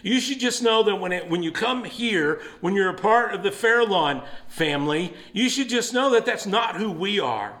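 High-voiced earnest pastor. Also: male voice, animated, normal speed, hardly any pauses, fairly bright tone. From East Texas. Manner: earnest, rising to emphatic exhortation. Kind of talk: sermon.

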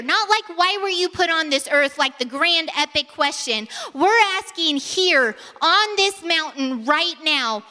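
A woman preaching a sermon and telling a story, acting out the dialogue and dropping to a hush for emphasis. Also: high voice, lively intonation, a little slow, hardly any pauses, in a large hall.

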